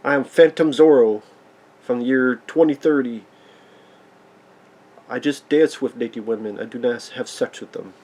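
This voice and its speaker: A man putting on the voice of a stiff, self-serious masked male movie hero, speaking in a flat, halting, mock-formal way. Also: medium pitch, natural voice. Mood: mock-solemn.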